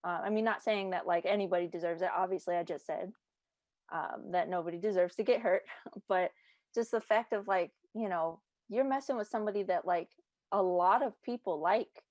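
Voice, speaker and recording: A woman's voice: on the low side, moderate pace, darkish tone. A young woman talking as a podcast guest in a casual chat, chatty with many fillers and frequent laughter.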